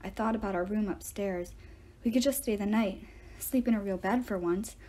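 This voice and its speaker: A woman reading a novel aloud in the first person with expressive storytelling. Her voice is mellow and husky. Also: mid-range voice, moderate pace, low-quality recording. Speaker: reader of audiobook chapters.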